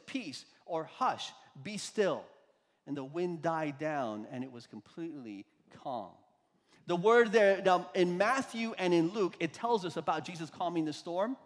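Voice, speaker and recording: A pastor preaching a sermon, swinging from loud emphasis to hushed, soft lines. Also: male voice, high voice, big-room sound.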